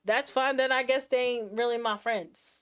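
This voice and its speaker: A woman talking casually to her live stream chat at her desk mic. She is sassy and full of slang, and she keeps breaking into quick asides and restarting her sentences. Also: fairly high pitch, steady tone, a bit bright, clean tone.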